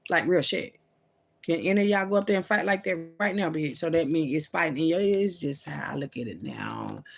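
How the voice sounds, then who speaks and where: A woman's voice: deep voice, expressive, fairly quick, gravelly. A woman vlogger in a loose, profane, rambling monologue about faith, talking straight to her viewers. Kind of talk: casual rambling spiritual monologue.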